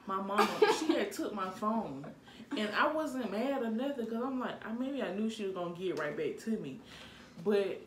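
A woman's voice: mid-range voice, normal speed, echoey room, slight background noise. A woman chatting casually with friends, blunt and full of laughs as she tells stories. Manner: lively, blunt, laughing storyteller. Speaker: co-host. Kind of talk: casual chat among friends.

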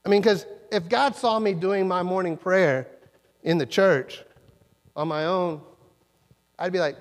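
A man preaches a sermon in a church, his fairly high voice trailing off in a long reverb. He talks in a conversational way and acts out the lines he quotes with sudden leaps in pitch. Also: measured pace, pauses often. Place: church sanctuary.

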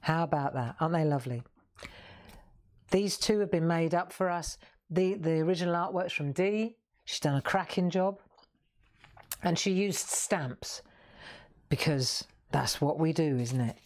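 A woman's voice: low voice, unhurried, pauses often, darkish tone. A middle-aged woman hosting a live craft show, chatting playfully with viewers and joking as she shows her work. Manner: chatty, playful, sings snippets and jokes with viewers. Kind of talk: live craft stream chat.

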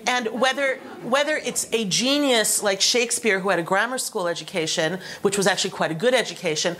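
A woman's voice: mid-range voice, a little fast, a bit bright. A woman speaking as a panelist at a roundtable discussion, talking animatedly and eager to jump in.

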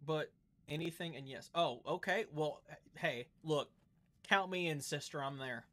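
A man's voice: a little high, a little slow, a bit bright. A man in his twenties from the Southern United States, chatting casually with his live-stream audience in a playful, mock-indignant way and tripping over his words for comic effect. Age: 20s. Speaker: game streamer.

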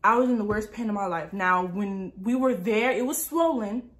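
A woman from New Jersey in her early twenties, who makes lifestyle vlogs, speaks at a medium pitch and normal speed. She relates a story in a chatty, dramatic manner, using many fillers such as "like."

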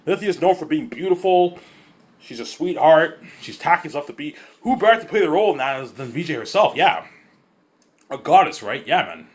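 A man rambles at speed in a lively, sing-song voice that sits a little high for a man. He repeats himself, trips over words and swears freely as he gets carried away. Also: fairly quick. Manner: excitable, repetitive, swears freely; stumbles and restarts often. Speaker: vlogger. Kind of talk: casual rambling monologue.

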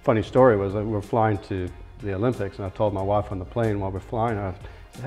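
A man's voice: on the low side, fairly even intonation, fast talker, darkish tone, faint music behind. A middle-aged man, a golf pro, telling casual self-deprecating anecdotes in an interview.

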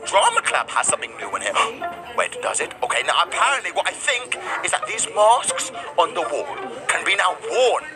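A gaming video creator giving excitable, joking gameplay commentary, swearing and jumping between voices. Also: mid-range voice, moderate pace. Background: game music.

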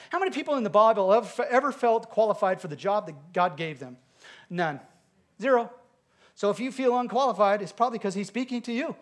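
A man preaching a sermon as pastor, emphatic, with loud declarations. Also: high voice, expressive, a little fast. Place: church sanctuary.

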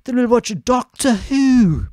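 A man putting on a cheery British man who offers tea, in a chirpy, slow and genteel way. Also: very high-pitched, expressive, darkish tone, dry recording, clean studio sound, voice pushed up, heavily acted.

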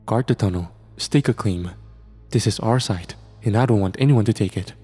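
A man's voice: on the low side, moderate pace, dark tone, husky, soft background music. A man voicing a determined young woman archaeologist who talks eagerly and insistently.

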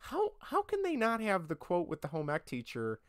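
A man co-hosting a podcast in casual chat, retelling movie scenes in a rambling, animated way and thinking aloud as he looks things up. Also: high voice, normal speed, smooth, no room sound, clean studio sound. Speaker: podcast co-host.

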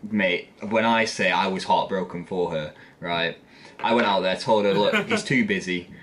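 A young man with a Northern English accent tells a story on a casual podcast. His voice sits low and deep, and he rambles along with laughs between lines. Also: measured pace, a bit bright, slight background noise. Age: young adult. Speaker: podcast co-host.

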